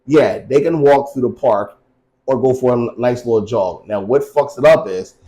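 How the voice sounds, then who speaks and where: A man's voice: mid-range voice, moderate pace, dark tone, rough recording. A man co-hosting a casual podcast, telling stories and teasing with blunt, profane talk. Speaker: co-host.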